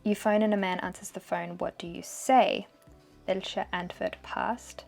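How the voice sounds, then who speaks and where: A young woman talks casually through a language test for her vlog, reading questions aloud and working out the answers as she goes. She slows down to sound out unfamiliar words carefully. Faint music runs underneath her voice. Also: medium pitch, steady tone, creaky. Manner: thinks aloud, sounds out German words slowly. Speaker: vlogger taking a language test.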